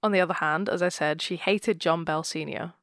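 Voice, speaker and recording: A woman's voice: lowish voice, steady tone, fairly quick, fairly bright tone, dry recording, clean studio sound. A woman co-hosting a podcast, chatting casually and laughing often as she retells a ghost story. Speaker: podcast co-host.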